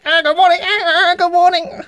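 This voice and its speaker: A man voicing a boastful male toy race-car engine in a squeaky, nasal way, over music. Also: level tone, moderate pace, a bit bright. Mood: cheery.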